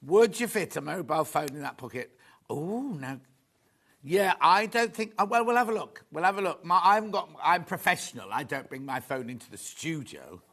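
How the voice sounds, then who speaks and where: Chatty male shopping presenter, lively pitch. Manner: chatty, rambling, quick asides. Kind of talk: live selling chat. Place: TV studio.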